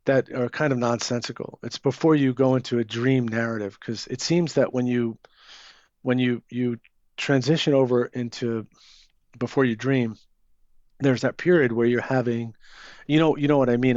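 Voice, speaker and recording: Man, author answering interview questions, halting delivery, muffled lo-fi sound. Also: medium pitch, a little mellow, no room sound. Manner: hesitant, many fillers and restarts. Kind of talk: casual interview talk. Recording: dull lo-fi sound.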